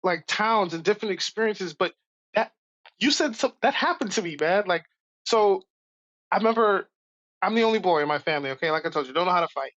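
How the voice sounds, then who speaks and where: A man from Brooklyn tells stories in a lively, casual way. He guests on a podcast, and his voice comes through slightly dull and lo-fi. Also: sits high, a little fast. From Brooklyn, New York. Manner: animated, acts out voices in stories. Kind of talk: casual storytelling.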